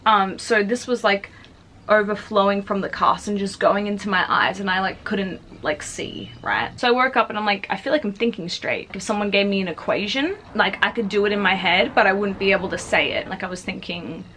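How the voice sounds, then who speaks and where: A woman's voice: mid-range voice, fairly quick, bright, forceful tone, a little hiss or hum. A young adult woman vlogger casually telling a personal story, chatty and full of fillers. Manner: chatty, filler-heavy, frequently says "like".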